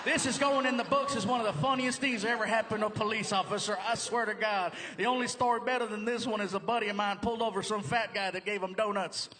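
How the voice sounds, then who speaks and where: A man voicing a veteran male highway cop who is calm and amused, in a low, slow, laid-back drawl, recorded live on stage with hall reverb. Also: noisy background, lightly acted.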